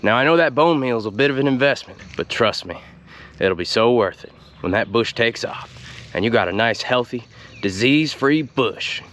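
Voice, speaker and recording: A folksy man talks his way through planting in a yard, drawling and deadpan as he slips in innuendo. His voice sits at an ordinary middle pitch for a man. Steady outdoor noise runs under him, with the odd vehicle going by. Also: brisk. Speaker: gardening show host. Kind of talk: comedic gardening tutorial.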